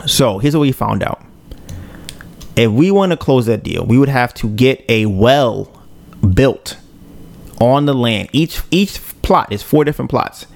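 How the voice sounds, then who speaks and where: A man on a podcast, telling a story in a relaxed, slangy way. His mid-range voice has a gravelly fry, and the sound is close and dry with almost no room. He acts out his own quoted reactions as he goes. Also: medium pitch, a little slow, no room sound. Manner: slangy and loose, with "bro" and "yo". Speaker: podcast host. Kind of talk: casual storytelling.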